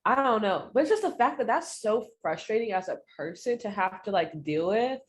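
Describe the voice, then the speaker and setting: A young adult woman co-hosting a podcast in casual chat, speaking earnestly and reflectively with quick quoted asides. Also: medium pitch, lively intonation, a little hiss or hum. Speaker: podcast co-host.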